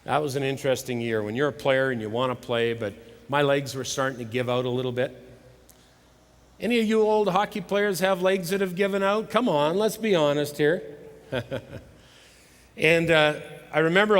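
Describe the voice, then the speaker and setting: A middle-aged man preaches to a conference crowd, with a slightly high voice. He tells stories dramatically, swinging between loud and hushed. The live recording carries the long reverb of a big hall. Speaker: conference speaker. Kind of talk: motivational sermon with storytelling. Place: large hall with live audience.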